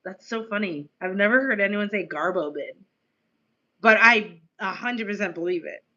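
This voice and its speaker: American woman, casual streamer, hint of Australian lilt, rambling and filler-heavy, bright tone. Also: medium pitch, moderate pace, dull audio. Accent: American, slightly Australian-tinged. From United States. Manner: chatty, rambling, lots of "like" and laughing asides. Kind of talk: casual live-stream chat.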